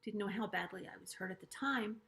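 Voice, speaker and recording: A middle-aged woman earnestly telling a personal story to camera, halting and restarting often and dropping to hushed asides. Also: mid-range voice, gravelly. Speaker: vlogger sharing a personal story.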